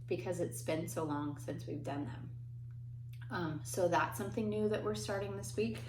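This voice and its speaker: A woman teaching a remote lesson to young children, speaking in a slow, patient, encouraging way. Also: lowish voice. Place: home. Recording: echoey room, faint noise.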